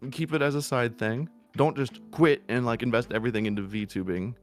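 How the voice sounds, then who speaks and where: A man's voice: mid-range voice, fairly even intonation, a little fast, soft background music. A man streaming from home, giving casual, blunt advice to other streamers, and swearing freely for emphasis. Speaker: VTuber streamer.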